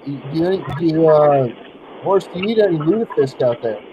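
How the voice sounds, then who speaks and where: A man's voice: fairly high pitch, lively intonation, fairly quick, highs cut off, background noise. A man chatting playfully, asking the others teasing questions. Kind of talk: casual group chat.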